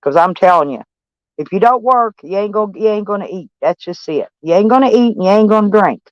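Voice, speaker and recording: With lively intonation and a slightly fast pace, an older woman with a mid-range voice vlogs about her van-life day to camera. She rambles bluntly and profanely, and the recording is dull and dry.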